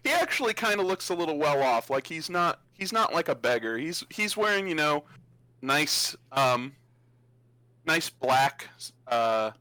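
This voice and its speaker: A man's voice: fairly high pitch, big pitch swings, measured pace, bright, forceful tone, dry recording, low-quality recording. A man narrating as game master in a casual tabletop game, often laughing.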